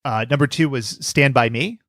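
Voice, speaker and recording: A man's voice: mid-range voice, normal speed, a bit bright, no echo, clean studio sound. A man co-hosting a podcast, chatting casually with wry jokes and puns. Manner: wry, jokey, fond of puns. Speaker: podcast co-host. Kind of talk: casual chat.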